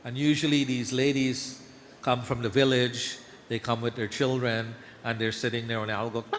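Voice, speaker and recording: In a temple hall, a man gives a storytelling sermon of devotional tales, his mid-range voice climbing as he lively acts out the scenes. He keeps a moderate pace, and the echoey hall carries faint background noise.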